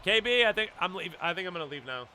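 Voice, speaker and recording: A man chats while he streams a game, rambling and laid-back. His voice sits a little high and comes across bright and forceful. A faint hiss runs under the desk mic. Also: animated, fast. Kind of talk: casual stream chat while gaming.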